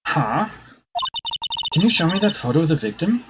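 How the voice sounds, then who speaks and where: A woman's voice: low-pitched, very animated, normal speed. A woman reading a cheerful, curious young sidekick. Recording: game music behind.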